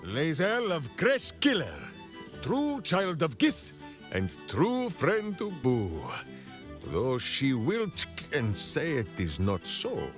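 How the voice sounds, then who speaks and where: Faint game music plays as an actor performs a boastful, larger-than-life warrior-ranger character who talks about himself in the third person. His fairly high voice swings hugely in pitch, stays slow, and sounds exaggerated.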